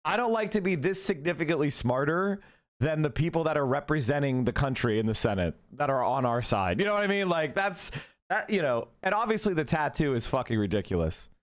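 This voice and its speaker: A man's voice: on the high side, lively intonation, brisk. Profane, exasperated man ranting on stream. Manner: profane, exasperated, rhetorical questions. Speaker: political streamer. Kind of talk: heated political rant.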